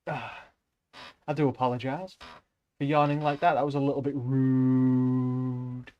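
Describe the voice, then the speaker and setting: A man's voice: mid-range voice, flat delivery, moderate pace, clear, resonant tone, highs cut off. Rambling man chatting on stream. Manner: rambling, offhand, swears casually. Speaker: livestreamer. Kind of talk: casual chat with stream viewers.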